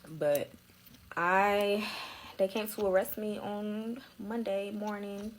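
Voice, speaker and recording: A woman's voice: medium pitch, fairly even intonation, slow pace, slight background noise, poor audio. A young woman telling her own story in a slangy, emotional way, close to tears at times. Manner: slangy, tearful, dramatic retelling.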